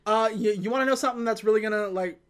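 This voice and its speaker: A podcast co-host telling a film's plot in casual chat, animated and full of fillers and restarts. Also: mid-range voice, rapid-fire, clean tone. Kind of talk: casual movie recap chat.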